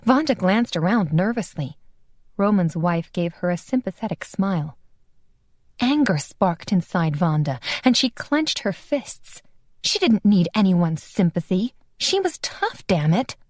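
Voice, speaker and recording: A woman narrating an audiobook in an even, unhurried storytelling manner. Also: medium pitch, dry recording, clean studio sound. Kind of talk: scripted narration.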